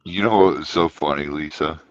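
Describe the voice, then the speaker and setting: Brief: man, extremely deep voice, slow pace, dull dry sound, podcast co-host telling stories. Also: dry recording. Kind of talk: casual chat, storytelling.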